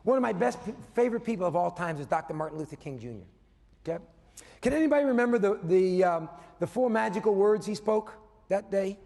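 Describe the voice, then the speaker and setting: A man giving a motivational keynote as a business coach, animated, swinging between loud emphasis and hushed asides, often tagging points with "okay?". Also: sits high, fast talker, vocal fry. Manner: tags points with a questioning "okay?". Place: conference hall before a live audience. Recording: long reverb of a large hall.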